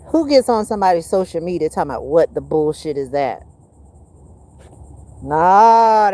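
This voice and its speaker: A woman hosting a livestream, giving her viewers a blunt, preachy and profane rant that swings between loud and hushed. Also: mid-range voice, dry recording. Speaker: livestream host.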